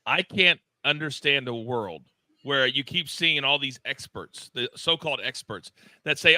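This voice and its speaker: A man hosting a live sports betting show, talking in an excitable, loud, self-deprecating way. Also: mid-range voice, moderate pace, no room sound. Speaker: host.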